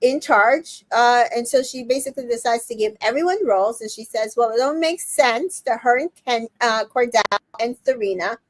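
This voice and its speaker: A woman with a high voice chats through a reality show recap. She quotes the cast in quick little voices, and the sound is dry and close to the mic. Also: no echo. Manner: retells scenes quoting the cast in quick voices, many fillers. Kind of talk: casual recap chat.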